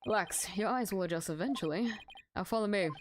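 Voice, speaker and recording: A woman's voice: medium pitch, brisk, background noise, lightly acted. A woman playing a boisterous older male treasure hunter in a game, with a hearty, teasing manner.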